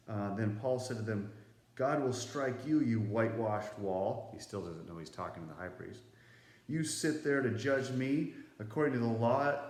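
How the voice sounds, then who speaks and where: A man's voice: fairly low pitch, a little mellow. A man teaching a Bible lesson to students in a casual, conversational way. He explains the passage, reads verses aloud, and asks the class questions. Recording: roomy echo.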